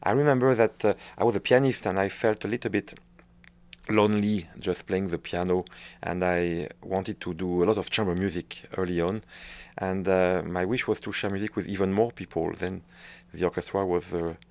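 A middle-aged conductor from France speaks English with a clear French accent. His voice sits low with a gravelly fry. He answers interview questions thoughtfully, pausing and restarting as he searches for words. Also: steady tone, darkish tone.

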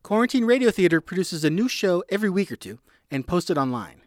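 A man reporting a news feature, reading a script in a clear, measured way. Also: high-pitched, big pitch swings, dry recording, studio quality.

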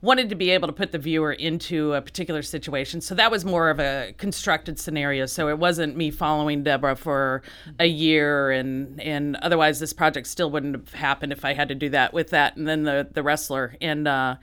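A woman artist answering interview questions, halting with many restarts and often laughing. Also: deep voice, steady tone, fairly bright tone, smooth. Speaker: artist, guest. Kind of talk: interview conversation.

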